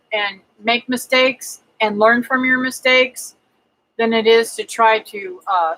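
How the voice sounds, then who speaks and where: A chatty woman hosts a casual livestream, reading out comments and greeting viewers by name. Her voice sits a little high and rings bright and clear. She fills the pauses with plenty of ums and uhs. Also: poor audio. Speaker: homesteading livestream host.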